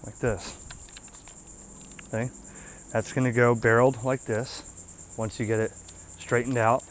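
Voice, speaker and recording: A man with a medium-pitched, level voice speaks at a measured pace over a faint hiss or hum. He hosts a ham radio channel and walks viewers through an antenna setup in a casual, folksy hands-on demo, often checking in with "okay?".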